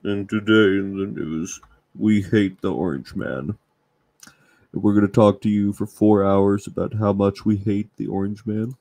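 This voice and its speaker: A man putting on a mocking impression of a male radio news anchor, with a flat newsreader delivery. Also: on the low side, measured pace, voice pushed down. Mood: sarcastic.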